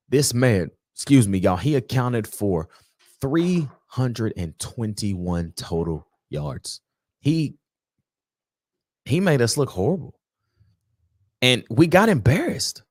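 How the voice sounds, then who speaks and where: A man hosting a casual sports talk livestream, speaking in a frustrated, emphatic and animated way. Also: on the low side, no room sound, studio quality. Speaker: sports talk show host.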